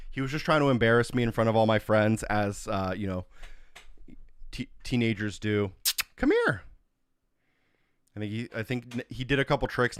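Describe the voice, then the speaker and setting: Lively man coaxing his dog. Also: clean tone, no room sound, studio quality. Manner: talks to his dog in high coaxing commands. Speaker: streamer. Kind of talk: casual live stream chat. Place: home office.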